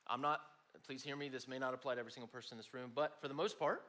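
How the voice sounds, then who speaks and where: A man's voice: medium pitch, steady tone, racing, pushed and bright. A man giving a conversational sermon to a room of students, talking to them directly. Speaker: speaker at a student gathering.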